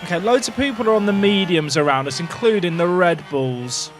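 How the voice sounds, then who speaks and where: A young man live-streaming a racing game, excitable and jokey, shouting at the screen between commentary. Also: sits high, a little fast, over music.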